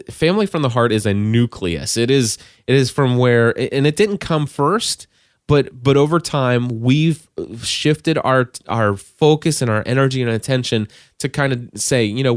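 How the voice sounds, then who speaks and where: A man's voice: medium pitch, dry recording, clean studio sound. A middle-aged man hosting a podcast, giving casual advice in a rambling way, with frequent restarts and bursts of emphasis. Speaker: podcast host and coach.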